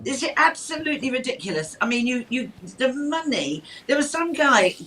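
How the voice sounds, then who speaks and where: A woman's voice: high-pitched, sing-song, moderate pace, fairly bright tone, slight background noise. A woman, a guest on a talk show, speaking in a blunt, outraged way with stumbling restarts. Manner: outraged and blunt, with many stumbling restarts and laughs between points. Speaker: studio guest. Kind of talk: opinionated talk show chat.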